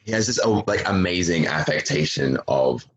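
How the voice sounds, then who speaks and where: A man's voice: low voice, lively intonation, normal speed, fairly bright tone, a little hiss or hum, rough recording. A man on a podcast talking casually about a book at home, hesitant with many restarts. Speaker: podcast panelist.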